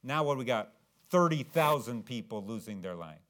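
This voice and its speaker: A man preaching a sermon, swinging from low, earnest tones to loud, dramatic, acted-out shouts. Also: animated, normal speed.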